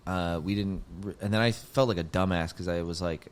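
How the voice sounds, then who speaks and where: A young man with a lowish voice tells a long, rambling story on a podcast. He leans hard on filler words and swearing. He jumps up loud and high whenever the story excites him. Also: brisk, clean tone. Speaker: podcast host, comedian. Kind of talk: casual storytelling chat.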